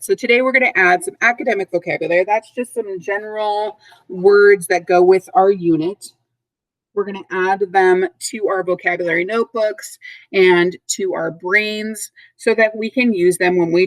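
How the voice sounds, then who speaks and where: Clear-speaking woman teaching young children. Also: mid-range voice, dry recording, rough recording. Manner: slow, clear, encouraging teacher talk with call-and-response. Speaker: third grade teacher. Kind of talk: recorded vocabulary lesson for children.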